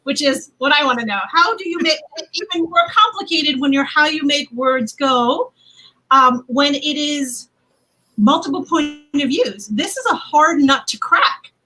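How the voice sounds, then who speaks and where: Chatty woman moderator on a video call, high voice, bright sound, laughs a lot. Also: lively intonation, unhurried, low-quality recording. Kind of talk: casual livestream panel chat.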